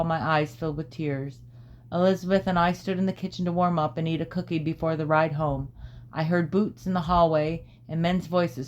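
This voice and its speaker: Woman narrator, storybook reading, low voice, measured, faint background noise. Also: darkish tone. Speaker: audiobook reader.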